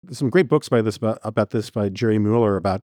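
A man's voice: on the low side, quick pace, darkish tone, no room sound, clean studio sound. A man as a podcast guest giving earnest commentary in long run-on sentences. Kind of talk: conversational commentary.

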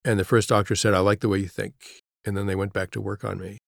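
A middle-aged man, a guest author, telling a personal story in an interview, halting and reflective, dropping to a hush at grave moments. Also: lowish voice, flat delivery, creaky, dry recording, studio quality.

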